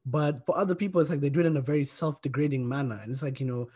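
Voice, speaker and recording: A man hosting a casual discussion talks in a somewhat high voice. He is earnest and conversational, leaning on filler words as he works through his thoughts. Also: rapid-fire, few pauses, mellow, slightly rough.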